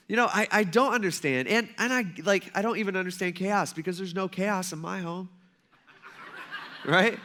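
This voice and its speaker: A man's voice: high voice, normal speed, pushed and bright. A man in his thirties giving a sermon as a pastor, telling jokes and stories about his own family. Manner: joking, self-mocking storytelling. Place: church sanctuary.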